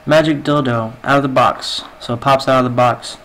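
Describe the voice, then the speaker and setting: A man's voice: medium pitch, fairly even intonation, normal speed, fairly bright tone, poor audio. A man telling a long dirty joke in game voice chat, rambling with lots of fillers, on a headset mic. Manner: rambling, filler-heavy storytelling. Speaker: game player.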